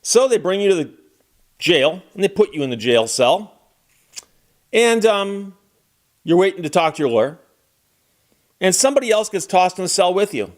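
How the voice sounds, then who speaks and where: A man's voice: high-pitched, sing-song, moderate pace, pauses often. A man giving casual, wry legal commentary and talking straight to the viewer in a conversational way.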